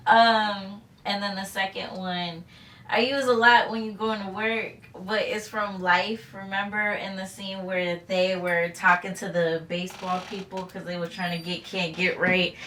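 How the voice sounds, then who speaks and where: Woman, podcast co-host, relaxed, echoey room, off-mic. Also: medium pitch, unhurried. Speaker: podcast co-host asking the questions. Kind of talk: casual chat. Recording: roomy echo, distant mic, faint noise.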